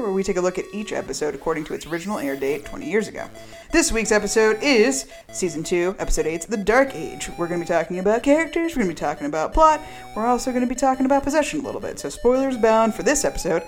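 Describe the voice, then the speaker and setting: A woman's voice: medium pitch, sing-song, fast talker, soft background music. A woman hosting a casual podcast, playful and giggly, tripping over her words now and then. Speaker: podcast host. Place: echoey room.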